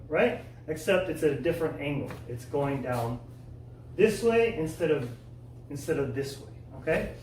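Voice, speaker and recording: A man teaching a kids' martial arts class, coaching step by step, checking in with "okay?" and shouting loud kiai cries. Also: fairly high pitch. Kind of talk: follow-along class instruction for kids. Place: indoor martial arts studio. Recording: echoey room, from far off, faint noise.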